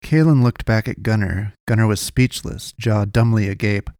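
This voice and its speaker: A man narrating a dark fantasy story in a measured, deliberate reading. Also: lowish voice, dry recording, clean studio sound. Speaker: audiobook narrator. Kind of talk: scripted fiction narration.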